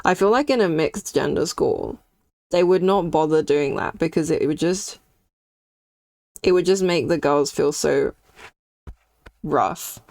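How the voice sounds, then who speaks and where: A woman's voice: sits low, measured pace, creaky, pauses often, darkish tone, no room sound. A young woman streaming while she draws, chatting candidly and reacting to her chat. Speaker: streaming artist.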